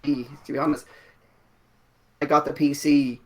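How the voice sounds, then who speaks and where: A man's voice: on the high side, flat delivery, measured pace, a bit bright. Hesitant man mumbling opinions. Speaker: podcast co-host. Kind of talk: casual chat.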